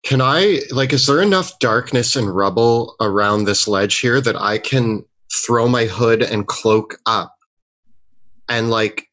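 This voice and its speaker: A man's voice: mid-range voice, slow pace, a bit bright. A man playing a tabletop game, talking casually and thinking aloud with a lot of "like". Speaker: player.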